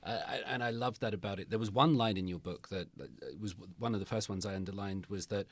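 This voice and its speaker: A man's voice: on the low side, fairly even intonation, fast, dry recording. A man hosting a podcast interview who asks long, rambling questions with many restarts. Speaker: podcast host. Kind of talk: casual interview.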